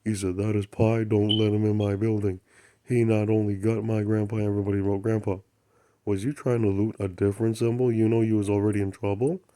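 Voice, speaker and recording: A man with a lowish, level, clean-toned voice speaks a little fast while hosting his own channel. He tells a meandering spiritual story in broken grammar, chants affirmations repeatedly, and at moments lowers to soft, unvoiced murmurs.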